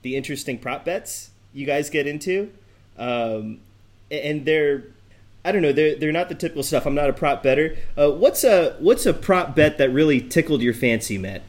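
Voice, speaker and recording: A man's voice: a little high, lively intonation, moderate pace. A man hosting a podcast, chatting casually with jokes and frequent ums. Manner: jokey, hesitant, many ums. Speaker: podcast host.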